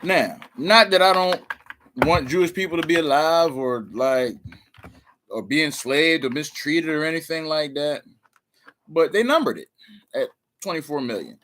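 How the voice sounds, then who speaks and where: A man's voice: a little high, lively intonation, normal speed, a bit bright, slight background noise. A man vlogging with casual commentary, loose and slangy, full of "like" and "man".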